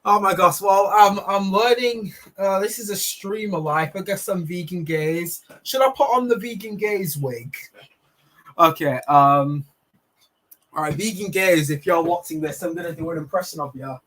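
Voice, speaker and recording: A man's voice: sits high, moderate pace, a bit bright. A man chatting on a livestream, rambling with many hesitations. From Britain. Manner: rambling, full of ums, giggly asides. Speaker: livestream host. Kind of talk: casual livestream chat.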